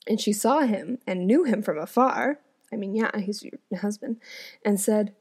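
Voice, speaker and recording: A woman's voice: medium pitch, unhurried, a little mellow, husky. A woman reading a fairy tale aloud and stopping often to muse about the story in chatty asides. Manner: chatty, musing asides between passages. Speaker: audiobook reader.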